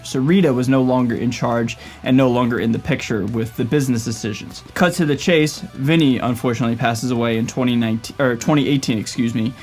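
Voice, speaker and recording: A young man hosting a casual commentary video, stumbling and hesitant, with lots of fillers. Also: mid-range voice. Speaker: YouTube host.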